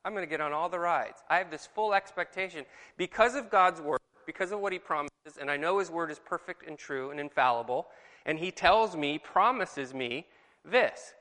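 Bright-voiced man leading a Bible study. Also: a little high, normal speed, long reverb tail. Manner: asks the group questions, lively and animated. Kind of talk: conversational sermon.

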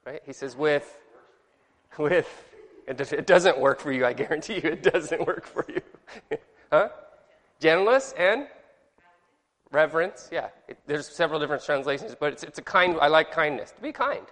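A man's voice: fairly high pitch, animated, moderate pace, long pauses, fairly bright tone. A man leading an informal Bible study lesson, chatty and rambling, quizzing his class and correcting himself as he goes. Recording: reverberant hall with long echo.

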